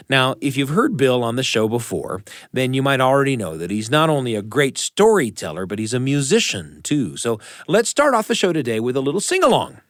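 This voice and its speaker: A man's voice: mid-range voice, a bit bright, no echo, studio quality. A man hosting a storytelling podcast, giving a scripted introduction that speaks directly to the listeners. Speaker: podcast host.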